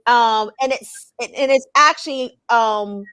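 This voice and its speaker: A woman with a Southern US accent explaining a topic in a halting way, with many fillers and restarts. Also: on the high side, sharp tone, clean tone. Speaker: guest presenter. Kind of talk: casual explanatory talk.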